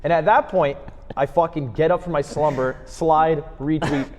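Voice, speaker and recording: A man's voice: a little high, steady tone, normal speed, in a large hall, a crowd in the background. A man co-hosting a podcast in casual chat, joking and swearing as he tells stories. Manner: joking, profane, storytelling. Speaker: podcast co-host.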